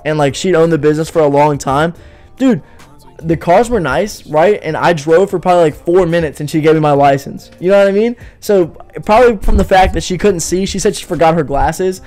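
A man's voice: a little high, darkish tone. A young man hosting a casual livestream, joking and rambling while answering his chat and saying "bro" a lot. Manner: joking, rambling, reads and answers chat, says "bro" and "you know what I mean". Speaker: livestream podcast host.

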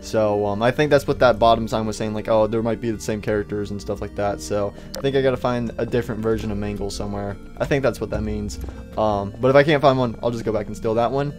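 A man's voice: lowish voice, fairly even intonation, fast talker, a little mellow, soft background music. A young man casually commenting on a video game as he plays, teasing the characters with playful asides. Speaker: gaming YouTuber. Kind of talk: casual let's-play commentary.

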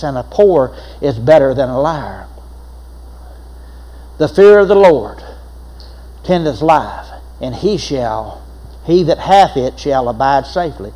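A man's voice: a little high, darkish tone, rough recording. An older man, preaching a sermon as pastor, telling folksy stories with laughs and repeated phrases.

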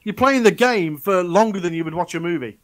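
A man's voice: sits high, expressive, fairly quick. A man co-hosting a casual gaming podcast chat, blunt and exclaiming, with some swearing. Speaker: podcast co-host.

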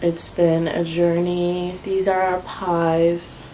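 Low-voiced woman vlogger, worn out and wry. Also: level tone, takes it slowly, dark tone, a little hiss or hum. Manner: rambling, wry and frustrated, laughing through complaints. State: unwell, worn out. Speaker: clay crafting vlogger. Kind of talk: casual chat to camera.

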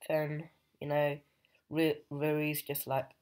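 Guy slowly rambling thru a comic recap, lots of ums, pretty monotone. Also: a little high. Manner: rambling, with fillers and restarts. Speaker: comic book reviewer. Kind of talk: casual plot recap.

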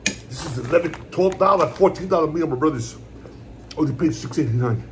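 A man in a casual home eating vlog, rambling along in a relaxed, repetitive way as he talks to his viewers. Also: fairly high pitch, brisk, noisy background. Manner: laid-back, rambling, repeats "my brothers" and "puppy". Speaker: mukbang vlogger. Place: at home, indoors.

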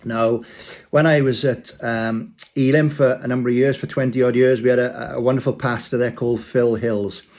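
A man's voice: mid-range voice, fairly even intonation, moderate pace, darkish tone. A man giving an informal, rambling sermon-style talk to his church, telling a story with frequent restarts. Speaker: church speaker.

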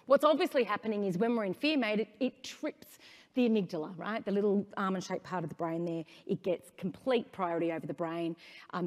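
A middle-aged woman with an Australian accent gives a conference talk, telling stories with energy and asking the audience questions. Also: medium pitch. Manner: animated storytelling, asks the audience questions. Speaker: conference speaker. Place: conference hall stage. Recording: long hall reverb.

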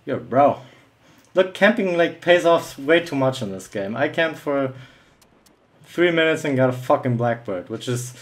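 Brief: young male gamer, ranting commentary, profane, sarcastic taunts, mid-pitched. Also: animated, normal speed. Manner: angry ranting, swearing often; mocking taunts at opponents. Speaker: gameplay commentator. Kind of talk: live gameplay commentary.

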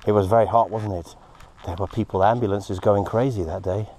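A man hosting a casual vlog outdoors at a quarry. He talks excitedly, gasping and dropping into breathy whispers. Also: on the low side, fairly quick. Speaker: host, moldavite hunter.

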